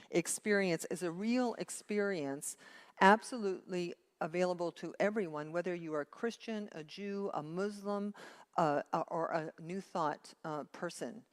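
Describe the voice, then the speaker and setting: A woman assistant minister giving a casual, chatty sermon in a church, telling jokes and often breaking off and restarting her sentences. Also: lowish voice. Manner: chatty, self-interrupting, tells jokes. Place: church sanctuary.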